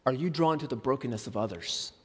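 A man preaching a sermon as a pastor, conversational and animated, acting out quick asides. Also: mid-range voice, breathy edge, in a large hall.

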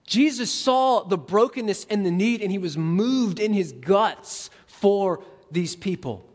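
A man preaching a sermon as a pastor, conversational and animated, acting out quick asides. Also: high voice, long reverb tail.

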